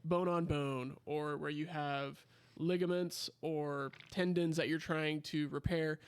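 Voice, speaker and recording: A man's voice: fairly high pitch, steady tone, takes it slowly, clean tone. A man, a pharmacist on a podcast, explaining health topics casually with many fillers. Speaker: pharmacist guest.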